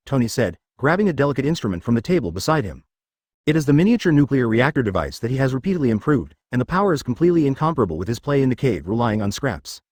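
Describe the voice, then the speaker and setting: Man narrating a fan story, lively pitch. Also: fast, no room sound, studio quality. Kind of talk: scripted audiobook narration.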